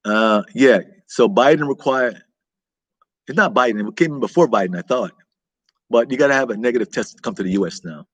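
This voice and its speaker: A man's voice: mid-range voice, brisk, no echo. A man hosting a casual live-stream chat, rambling and reacting aloud to viewer comments. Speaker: vlog host reading live chat.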